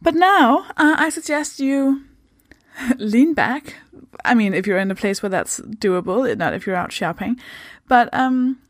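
A woman's voice: on the high side, animated, unhurried, no echo, clean studio sound. Chatty swearing woman podcast host. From Denmark. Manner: chatty, swears freely, laughs often. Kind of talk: casual podcast chat.

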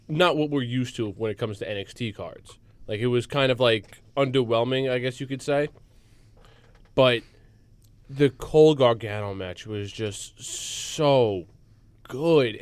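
A man's voice: mid-range voice, no room sound. Rambling young male co-host. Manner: enthusiastic, rambling, lots of fillers. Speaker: radio show co-host. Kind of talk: casual sports talk radio. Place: college radio studio.

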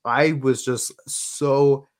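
A man co-hosting a podcast in casual chat, animated and acting out quotes in voices. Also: medium pitch, extremely slow. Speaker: podcast co-host.

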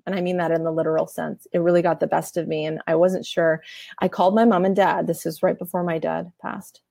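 A middle-aged woman telling a heartfelt personal story, earnest and animated, often laughing and acting out the voices of others. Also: medium pitch, vocal fry, no room sound, studio quality. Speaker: author and coach.

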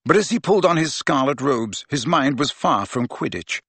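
A man's voice: mid-range voice, expressive, normal speed, fairly bright tone, husky, dry recording. A man reading a novel aloud as a narrator, telling the story expressively. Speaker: audiobook narrator. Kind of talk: scripted narration.

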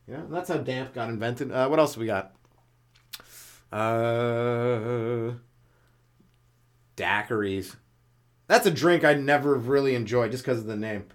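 In no hurry and pausing at length, a man performs a loose, wandering comedy monologue for his podcast. He mocks himself, acts out goofy characters with sudden pitch jumps, and has a smoker's cough.

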